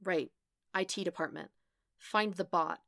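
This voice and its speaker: A woman reads an earnest young journalist in a storybook. She sounds tentative and polite, and her voice sits lifted above the reader's low narration. The sound is dry. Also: measured pace, gravelly, a bit bright, no room sound. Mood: focused.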